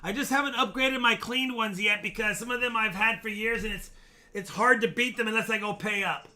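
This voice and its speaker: A man hosting a live coin auction stream, chatty and excitable, joking as he shows coins. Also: high-pitched, fairly quick. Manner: chatty, excitable, jokes while showing coins. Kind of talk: casual live auction chat.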